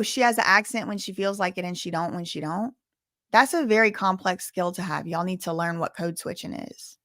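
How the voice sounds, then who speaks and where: A woman YouTuber from bayou country talks to camera in her thirties, with a faint Southern accent. She is candid and emphatic and repeats words to drive a point home. Her voice sits at a middle pitch, recorded close and dry with no room echo. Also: a bit bright. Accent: Southern US, softened. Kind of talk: casual storytelling to camera.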